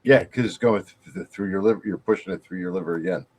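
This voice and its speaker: A man's voice: low-pitched, fast. A man hosting a casual chat who chimes in with reactions and comments. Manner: chiming in with reactions.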